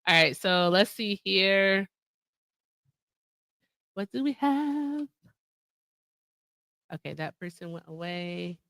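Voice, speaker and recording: A woman's voice: mid-range voice, lively intonation, takes it slowly, vocal fry, pauses often, fairly bright tone, smooth, no room sound. Chatty woman co-hosting a livestream. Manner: chatty, upbeat, laughs often. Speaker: livestream co-host. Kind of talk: casual livestream chat.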